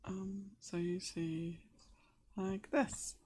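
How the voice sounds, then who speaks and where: A woman's voice: mid-range voice, steady tone, extremely slow, darkish tone, slightly rough. A woman running a tabletop game as game master, describing scenes hesitantly with many fillers and restarts.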